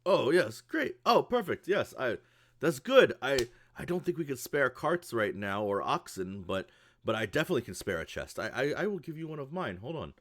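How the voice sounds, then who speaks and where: A man doing a fussy, halting minotaur. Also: mid-range voice, sing-song, dry recording. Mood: flustered. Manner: hesitant, halting. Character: timid, fussy male minotaur.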